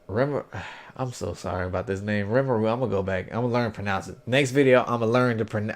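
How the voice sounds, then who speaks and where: Low-voiced man rambling through a recap. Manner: rambling, loose, lots of fillers and self-corrections; informal slangy talk. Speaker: anime reviewer. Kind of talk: casual episode recap.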